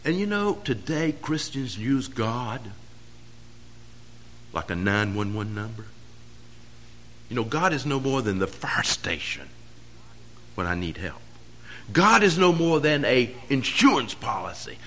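A man preaching a sermon, pressing key phrases harder and louder as he drives each point home. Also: medium pitch, sing-song, a little slow, pauses often.

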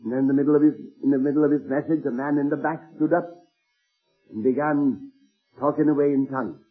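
Husky male preacher on a tinny tape. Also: fairly high pitch, fairly even intonation, soft background music. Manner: earnest anecdotal retelling with slowed emphasis. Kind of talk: sermon storytelling. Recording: tinny phone-like old sermon tape.

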